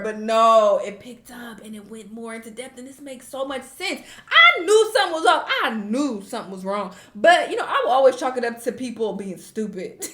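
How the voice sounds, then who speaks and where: Young woman reaction-vlog host, somewhat high voice, blunt and animated with plenty of swearing, recorded in an echoey room. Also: brisk. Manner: candid and animated, curses freely. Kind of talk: casual reaction commentary.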